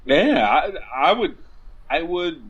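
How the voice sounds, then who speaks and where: A man's voice: a little high, big pitch swings, takes it slowly, husky, muffled recording. Rambling, laughing wrestling podcast guy. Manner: rambling, laughs often, loose and profane. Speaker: podcast co-host. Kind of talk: casual wrestling chat.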